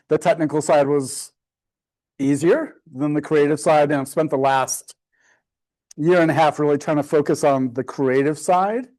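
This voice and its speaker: A man's voice: fairly high pitch, a little mellow. A middle-aged man presenting to a photography club in a casual, sarcastic and self-deprecating way.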